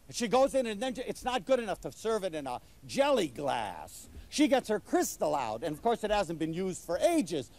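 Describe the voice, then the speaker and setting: A man giving an inspirational lecture to a live audience, telling stories with enthusiasm and animation. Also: sits high.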